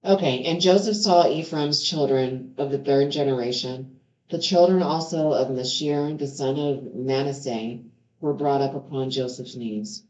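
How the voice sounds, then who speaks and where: A woman reads the Bible aloud in an unhurried, very deep, slightly mellow voice, interrupting herself now and then with sincere, heartfelt reactions. The recording is a roomy, slightly dull one made at home.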